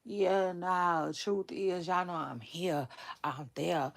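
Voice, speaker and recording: A woman's voice: lowish voice, animated, a bit bright. A woman hosting a celebrity gossip livestream, talking casually and rambling to her viewers with frequent laughs. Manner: chatty, drawn-out, rambling with laughs. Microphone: livestream setup.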